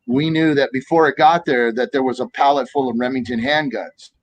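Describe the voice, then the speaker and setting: A man in his fifties from the United States, telling animated stories in a casual political chat and acting out quoted voices. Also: mid-range voice, fairly quick, poor audio. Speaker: co-host of a political talk stream.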